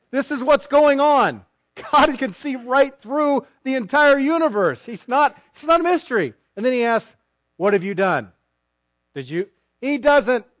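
A man preaching a sermon as pastor, sarcastic and animated, acting out mock quotes from people he disagrees with. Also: sits high, dry recording.

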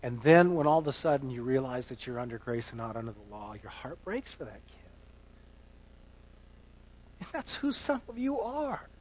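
A man preaching a sermon as pastor, swinging between hushed asides and loud emphatic passages, often repeating words as he builds a point. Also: medium pitch, sing-song, moderate pace, pauses often, slight background noise, rough recording.

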